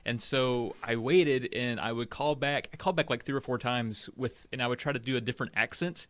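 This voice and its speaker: An easygoing man co-hosting a podcast, telling stories from his childhood. His voice sits at a middle pitch and is recorded dry and close, and he laughs often as he talks. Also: a little fast, a bit bright, dry recording. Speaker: podcast co-host. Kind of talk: casual storytelling chat.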